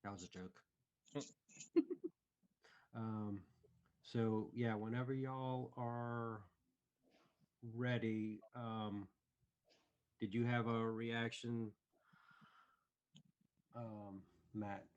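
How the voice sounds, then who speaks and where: Slow, easygoing game master, low voice. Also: male voice, fairly even intonation, muffled recording. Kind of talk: running a tabletop game. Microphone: online voice call.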